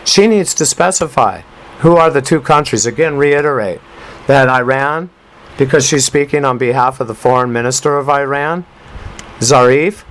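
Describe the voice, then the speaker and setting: A man's voice: medium pitch, moderate pace, fairly bright tone, poor audio. A man hosting a talk radio show, commenting on a news clip in an emphatic, rambling way with rhyming asides. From United States.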